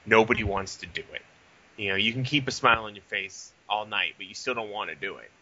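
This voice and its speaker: Profane, animated young podcast host, man. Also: on the low side, fairly quick, lo-fi sound. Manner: profane, animated storytelling with quoted dialogue. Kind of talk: casual podcast chat.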